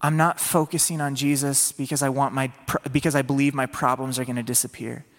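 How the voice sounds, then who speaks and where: Man, sermon, earnest conversational preaching, slightly high voice, long reverb of a church hall. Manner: earnest, voices Peter's inner plea in a raised pleading tone.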